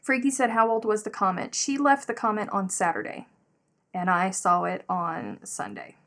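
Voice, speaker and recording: A chatty woman hosting a live craft stream, telling stories with lots of animation. She speaks at an ordinary middle pitch in a casual, rambling way and stops to read out comments from her viewers. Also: normal speed. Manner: animated storyteller, reads out chat comments. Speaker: livestream host. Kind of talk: casual chat while crocheting.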